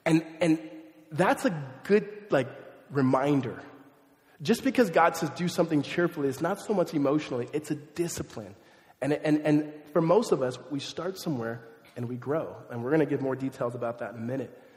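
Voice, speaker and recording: Animated man preaching in an echoey hall. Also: on the high side, brisk. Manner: conversational, animated, self-deprecating asides. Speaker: pastor. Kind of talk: sermon. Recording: echoey hall, long reverb.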